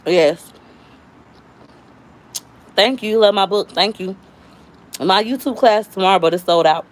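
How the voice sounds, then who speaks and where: A woman's voice: on the low side, slight background noise. A woman, chatting casually with viewers at home with her family, slangy and rambling, a little out of breath. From Florida, US. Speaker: YouTube cooking vlogger.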